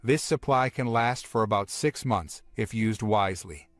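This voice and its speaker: A man voicing a calm, serious young male hero who knows the future, giving firm instructions in a comic-book recap. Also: lowish voice, normal speed, no room sound, close to an everyday voice.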